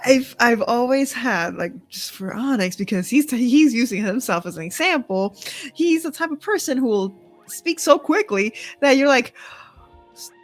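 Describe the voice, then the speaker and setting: A woman's voice: on the high side, expressive, moderate pace, soft background music. A woman co-hosting a podcast, teasing and giggling in a casual chat. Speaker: podcast co-host.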